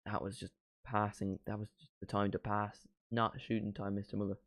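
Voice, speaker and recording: Excitable young man commentating live. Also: fairly low pitch, brisk, dry recording, clean studio sound. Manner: excitable, shouts at big moments, chats to stream viewers. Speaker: watchalong streamer. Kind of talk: live football watchalong commentary.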